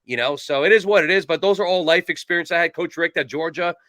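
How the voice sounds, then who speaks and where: Fast-talking animated man from New Jersey. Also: on the high side, no echo. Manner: rambling, animated, lots of fillers. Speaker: kicking coach and guest. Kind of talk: casual storytelling in an interview.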